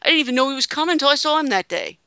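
A woman doing a rough impression of a blunt male wrestling executive who swears in exasperation. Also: high voice, animated, very fast, bright, forceful tone, no echo, voice pushed up, full character voice. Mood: exasperated.

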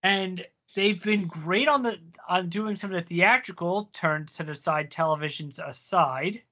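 A man in a casual wrestling chat, speaking haltingly and restarting his sentences. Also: sits high, bright, forceful tone. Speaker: podcast co-host. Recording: dull lo-fi audio.

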